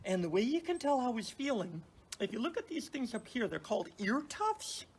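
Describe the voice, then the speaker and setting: A woman raptor educator telling lively stories and mimicking bird calls as she explains owl behavior. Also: fairly high pitch, normal speed, a little hiss or hum, poor audio. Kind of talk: educational storytelling.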